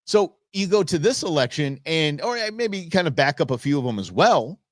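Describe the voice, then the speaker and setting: A middle-aged man hosts a live stream, thinking out loud and circling back with fillers and false starts. His voice sits a little high for a man, and the sound is close and dry with no room around it. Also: big pitch swings, normal speed, dry recording. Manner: rambling, with many fillers and restarts. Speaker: show host. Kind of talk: live-stream talk show monologue.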